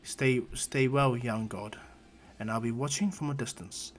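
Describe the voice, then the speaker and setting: A wise old supreme deity speaks with formal courtesy, as a man telling a fan story puts him on. His words are measured and polite, delivered in an ordinary mid-range voice. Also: mid-range voice, a little hiss or hum, natural voice.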